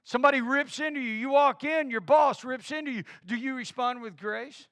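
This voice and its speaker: A man's voice: extremely high pitch, moderate pace, hardly any pauses, a bit bright, no echo, clean studio sound. A middle-aged man preaching a sermon as a pastor, who drives his point home with repeated rhetorical questions.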